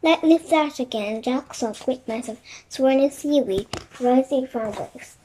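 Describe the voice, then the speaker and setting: A woman reading a children's chapter book aloud in soft, quiet narration. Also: high-pitched, moderate pace, a little hiss or hum, poor audio. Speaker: storybook reader.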